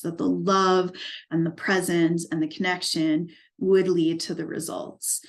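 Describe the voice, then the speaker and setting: A middle-aged woman speaks in a slightly low voice. She tells her own story for a documentary interview, earnest and reflective, with feeling close to the surface. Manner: earnest, reflective, emotionally moved. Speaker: equine life coach.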